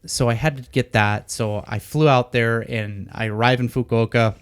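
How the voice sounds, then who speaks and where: A man's voice: mid-range voice, moderate pace, clear, resonant tone. A man in his thirties, a podcast co-host, telling a story in a casual chat and acting out the dialogue. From United States. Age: 30s. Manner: animated, acts out the dialogue of people in his story.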